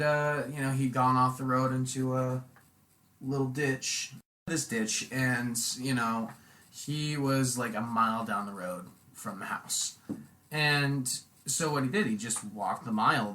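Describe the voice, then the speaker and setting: A young man telling a rambling, profane story on a casual podcast, acting out quotes loudly. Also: medium pitch. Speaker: podcast host.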